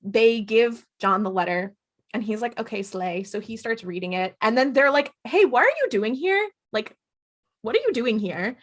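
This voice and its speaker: A woman co-hosting a podcast, retelling a TV episode in casual chat and acting out the characters' lines with animated energy. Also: medium pitch, moderate pace. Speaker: podcast co-host.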